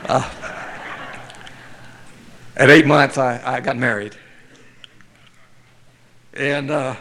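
A man's voice: mid-range voice, normal speed, long pauses, fairly bright tone. A man from North Carolina giving a personal recovery testimony at a meeting, telling it in a wry, self-mocking way. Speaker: speaker sharing his story at a recovery meeting.

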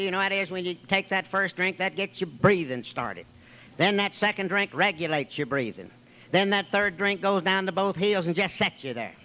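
High, bright-voiced man telling his story. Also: low-quality recording. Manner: folksy, wry, piles up long lists. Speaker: recovery meeting speaker. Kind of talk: storytelling testimony.

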